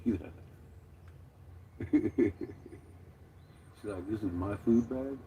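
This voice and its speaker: A man's voice: fairly low pitch, very slow, warm tone, a little hiss or hum. A man chatting casually in a vlog, laughing often and swearing freely. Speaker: vlogger. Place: out and about, doing laundry.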